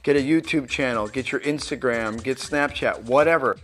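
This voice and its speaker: A man's voice: medium pitch, moderate pace, a bit bright. A man, an actor, giving casual career tips in a chatty, anecdotal way and speaking directly to the viewer. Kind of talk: conversational tips video.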